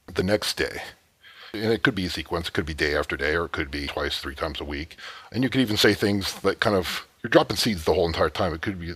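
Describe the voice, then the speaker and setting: Deep husky-voiced man coaching. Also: no echo. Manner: slow, suggestive, drops to a hushed murmur. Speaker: dating coach. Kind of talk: instructional talk with acted example lines.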